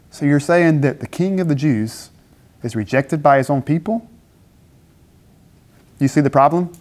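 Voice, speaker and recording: Conversational male preacher, middle pitch. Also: darkish tone. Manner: conversational, acts out biblical voices with rhetorical questions. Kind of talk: sermon. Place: campus dinner gathering.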